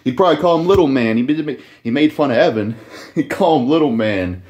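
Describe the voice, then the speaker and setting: A man's voice: medium pitch, expressive, brisk, darkish tone, dull audio. A man talking off the cuff in a loose, rambling way, full of fillers and swearing. He jumps between half-finished thoughts and laughs at himself. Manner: rambling, profane, self-deprecating, with many fillers. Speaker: gaming youtuber. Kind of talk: casual rambling monologue.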